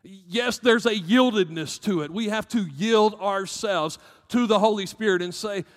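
A man's voice: high voice, unhurried, long reverb tail. A man with a Southern American accent preaching a sermon as pastor, emphatic, rising and dropping in volume.

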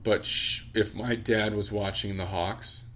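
A young man co-hosting a podcast, telling relaxed family stories in casual chat and swearing now and then. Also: a little slow, a little hiss or hum. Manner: relaxed storytelling, swears casually, mimics family in high voices. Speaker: podcast co-host.

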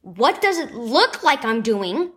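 Huffy fed-up sister kid, woman doing the voice, high and lively. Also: slow, exaggerated voice. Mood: exasperated. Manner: exasperated, huffy. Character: irritated older sister, a kid.

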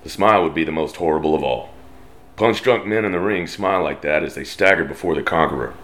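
Deep-voiced Texan man reading a western. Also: a bit bright. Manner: slow, drawling twang, puts on brief voices for characters. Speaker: storyteller. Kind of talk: reading a western story aloud.

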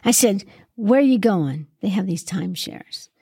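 A middle-aged woman hosting a reflective Christian podcast, asking gentle questions in an earnest way, sometimes choked up with grief. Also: medium pitch, lively intonation, normal speed, vocal fry, slightly rough, no room sound, studio quality. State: grieving, occasionally choked up. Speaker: podcast host and Christian mentor. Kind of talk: reflective solo podcast monologue.

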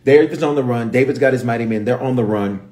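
Speaking fast in a mid-range voice, a Memphis-accented bishop leads a livestreamed Bible teaching. He narrates the story and brings its characters to life with animated voices.

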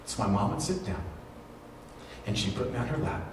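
A man's voice: lively intonation, moderate pace, far from the mic, noisy background. Man preaching in a very echoey church. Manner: storytelling, rises to high emphatic peaks. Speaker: pastor. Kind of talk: sermon. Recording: very echoey room, voice from afar.

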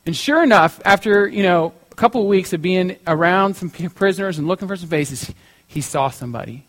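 A man's voice: high-pitched, brisk, a bit bright. A young man preaching in a casual, chatty way, telling a story with many fillers like "you know".

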